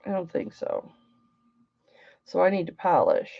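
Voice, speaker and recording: A woman's voice: lowish voice, very animated, measured pace, gravelly, dark tone, dull audio. A woman hosting an online jewelry auction, chatting casually and cracking bawdy jokes while she works. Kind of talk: casual livestream selling chat.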